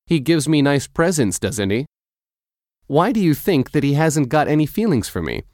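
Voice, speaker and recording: A man's voice: a little high, big pitch swings, moderate pace, darkish tone, no echo, voice pushed up. Cool, evasive teen girl, read by a man in a lifted voice; dry storybook read.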